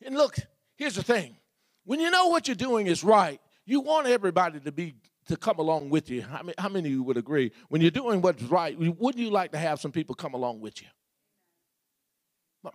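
A man's voice: a little high, very animated, a little fast, no echo, clean studio sound. A man preaching a sermon as pastor, building repeated refrains and asking the congregation questions.

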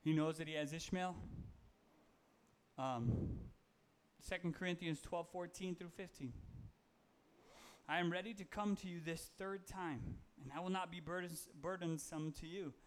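A man's voice: fairly high pitch, steady tone, a little slow. A man giving a casual, conversational sermon, reading Bible verses and talking them through with fillers and self-corrections. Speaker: preacher.

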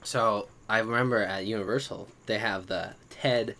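A man's voice: fairly low pitch, moderate pace, pushed and bright. A young man co-hosting a casual movie podcast, asking questions and teasing his friend. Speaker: podcast co-host.

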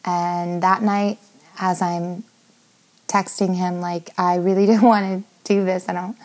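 A woman's voice: fairly low pitch, level tone, measured pace, a little mellow. A woman in her thirties telling a personal story in a candid, confessional way, full of fillers and swearing.

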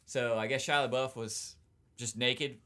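A young man in casual, profane podcast chat, animated and quick to laugh. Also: medium pitch.

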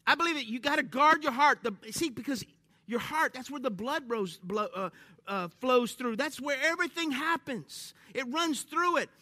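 A man preaching a lively sermon to a congregation in a church, joking and calling out to the crowd as he goes. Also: extremely high pitch, normal speed, no echo, clean studio sound. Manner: energetic, joking, call-and-response.

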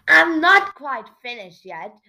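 A woman's voice: on the high side, moderate pace, fairly bright tone, lightly acted, low-quality recording. A woman reading aloud and voicing a long-winded, pompous male mouse mayor.

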